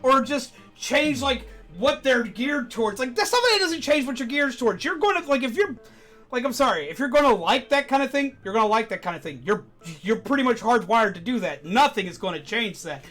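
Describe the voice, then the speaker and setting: A woman hosting a game stream in loose, profane, animated chat. Her voice sits high and sounds bright, with faint game music playing under it. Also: brisk. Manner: animated, swearing, laughing ranting. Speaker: streamer host. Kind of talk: casual ranting chat.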